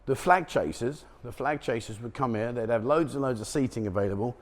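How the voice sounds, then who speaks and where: Speaking fairly quickly at a medium pitch, a middle-aged man records a walk-and-talk street vlog on a handheld camera. He strolls outdoors along a city street at dawn, chatty and joking, laughing at his own comments.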